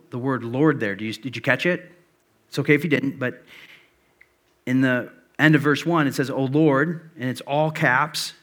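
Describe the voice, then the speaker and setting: A man in his thirties, a pastor, preaches a sermon in a loose, conversational way, telling stories packed with fillers. His voice sits at a medium pitch with a fairly bright tone.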